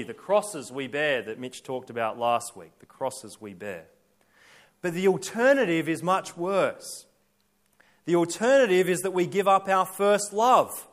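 High-voiced man preaching a sermon. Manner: emphatic, builds repeated lists and rhetorical questions. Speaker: pastor.

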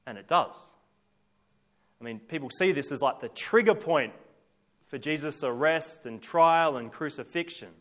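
A man's voice: fairly high pitch, lively intonation, a little slow, fairly bright tone. A male pastor preaching a sermon, emphatic, building his points through repeated lists and rhetorical questions.

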